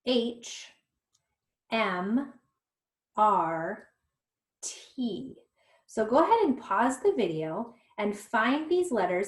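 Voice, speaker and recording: A woman teacher leads a phonics lesson for small children, speaking slowly and patiently as she sounds out each letter. Her voice is mid-pitched and carries a noticeable room echo. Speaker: reading intervention teacher. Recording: echoey room.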